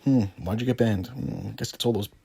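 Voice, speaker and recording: Man, low husky voice, mocking call-out commentary, dry close sound. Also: a little fast, dark tone, dry recording. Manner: sarcastic, taunting, swears often. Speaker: gaming video creator. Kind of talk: mocking call-out commentary over screen recording.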